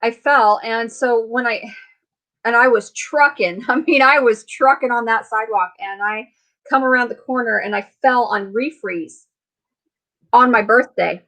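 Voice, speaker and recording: A middle-aged woman hosting a casual live chat, chatty and quick to laugh as she retells what people said to her. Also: fairly high pitch, bright, forceful tone, poor audio. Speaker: host.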